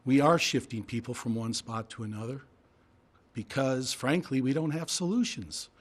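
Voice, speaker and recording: A man with a hoarse, fading voice gives public hearing testimony, speaking emphatically and indignantly and firing off rhetorical questions from a podium microphone. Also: mid-range voice, moderate pace. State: hoarse, losing his voice.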